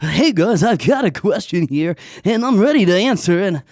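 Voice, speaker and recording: A man on a podcast mimicking a loud, showy television personality in an overblown, brash voice. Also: sits high, lively intonation, normal speed, no echo, clean studio sound, pitched above the performer's own voice.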